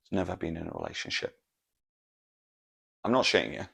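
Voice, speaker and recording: A man's voice: sits low, sing-song, a little fast, vocal fry, a bit bright, breathy edge. A man, telling a rambling, sweary story on his podcast. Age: 40s. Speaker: podcast host. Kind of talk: casual storytelling monologue.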